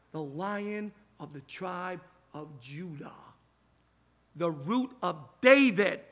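A man's voice: high voice, gravelly, pushed and bright. A man preaching a sermon from a church pulpit into a microphone, drawing out words for emphasis and quoting scripture. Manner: emphatic, drawn-out preaching delivery with scripture quotes. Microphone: pulpit mic.

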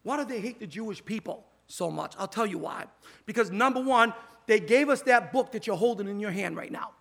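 Male preacher at a pulpit, tense high voice, drawn-out emphatic sermon. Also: expressive, creaky, a bit bright. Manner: emphatic, drawn-out preaching delivery with scripture quotes. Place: church sanctuary, at a pulpit. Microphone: pulpit mic.

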